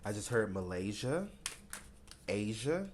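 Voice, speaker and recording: A man's voice: on the low side, sing-song, takes it slowly, slight background noise. A man from Tennessee, giving a casual, rambling tarot card reading. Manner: rambling and conversational, many fillers. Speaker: tarot reader.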